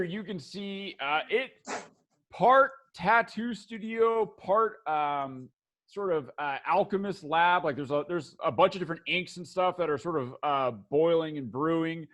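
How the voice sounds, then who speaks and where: A man's voice: a little high, a little slow, fairly bright tone. A man narrating as game master, loose and rambling, laughing often.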